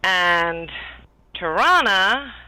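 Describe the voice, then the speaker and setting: A man's voice: high voice, expressive, drawn-out words, pushed and bright, smooth, no echo, poor audio. A man playing a tabletop game, narrating his character's actions in a rambling way, full of fillers. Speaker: player.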